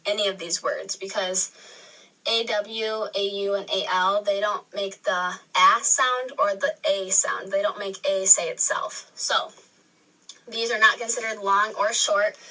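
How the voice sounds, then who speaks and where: A woman's voice: mid-range voice, sharp tone. A woman teacher explaining a spelling lesson step by step, patiently restating and correcting herself. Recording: video re-recorded from a screen, distant mic.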